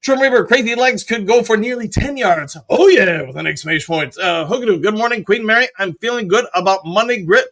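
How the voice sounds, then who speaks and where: A man's voice: high voice, fairly quick, hardly any pauses, a bit bright. A man hosting a live stream, reading out viewer comments in an upbeat, chatty way. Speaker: host.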